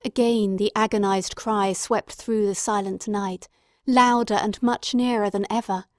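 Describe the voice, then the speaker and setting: A woman giving steady, dramatic scripted narration of an audiobook. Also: medium pitch, measured pace, dry recording, clean studio sound.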